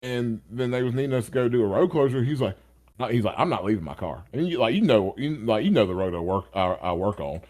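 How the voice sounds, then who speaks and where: A man's voice: medium pitch, animated, fast, a little mellow. A young man, a podcast guest, telling a work story in a casual, rambling, stop-start way and laughing through it.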